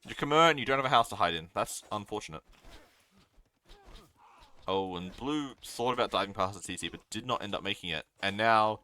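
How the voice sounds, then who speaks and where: A man from Australia casting a strategy game live, reacting eagerly to plays and answering chat. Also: on the low side. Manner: excitable, quick reactions, reads viewer chat aloud. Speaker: caster.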